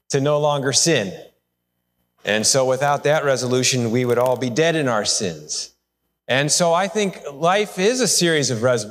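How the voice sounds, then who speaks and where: Pastor preaching in a reverberant church. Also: male voice, medium pitch. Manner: conversational, with restarts and repeated words. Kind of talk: live sermon. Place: church sanctuary. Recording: long church hall reverb.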